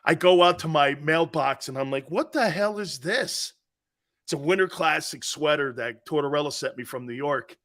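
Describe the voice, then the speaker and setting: A man hosting a live sports talk show, telling stories in an animated, rambling way with many asides. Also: fairly high pitch. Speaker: sports talk radio host.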